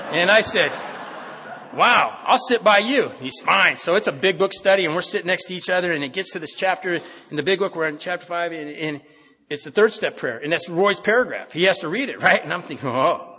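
A man's voice: a little high, pushed and bright, husky. A middle-aged man giving an earnest, rambling personal recovery talk at a meeting, with many restarts. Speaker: AA speaker. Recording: long hall reverb.

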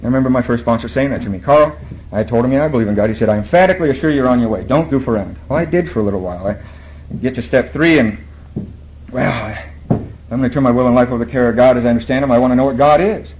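A man tells his recovery story to a meeting, wry and self-mocking, acting out the voices of the people in it. His voice sits at an everyday pitch. The recording is dull and lo-fi, with a faint hum of room ambience behind it. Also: racing, darkish tone. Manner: wry, self-mocking, quotes and acts out others.

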